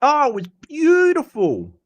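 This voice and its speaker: A man putting on the voice of a swooning, gushing admirer, high and breathless. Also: huge pitch swings, unhurried, exaggerated voice.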